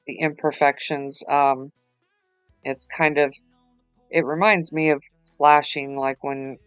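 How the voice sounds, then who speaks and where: A woman's voice: deep voice, fairly even intonation, slow pace, clear, resonant tone, no room sound, faint music behind, rough recording. A tired woman, rambling chattily with lots of fillers as she talks through a craft project. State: tired, yawning. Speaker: craft vlogger. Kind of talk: casual voice-over while crafting.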